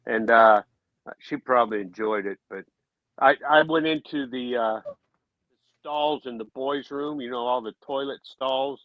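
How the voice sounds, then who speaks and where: A man's voice: mid-range voice, unhurried, no echo, narrow, tinny audio. A middle-aged man telling laid-back anecdotes about his youth in a casual chat, chuckling now and then.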